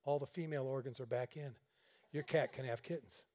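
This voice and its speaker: A man's voice: mid-range voice, steady tone, brisk, darkish tone. A male pastor preaching a storytelling sermon to a congregation, folksy and joking, acting out the dialogue. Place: church meeting room.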